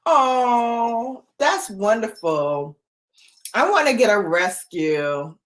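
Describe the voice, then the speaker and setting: A woman's voice: fairly high pitch, big pitch swings, drawn-out words. A middle-aged woman hosting a casual livestream, chatty, laughing often and answering viewer comments. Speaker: livestream host.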